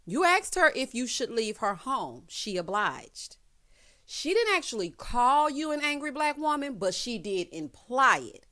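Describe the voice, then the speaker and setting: A woman hosting a casual recap of a reality show, sassy and animated, often calling viewers honey. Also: on the high side, a little slow.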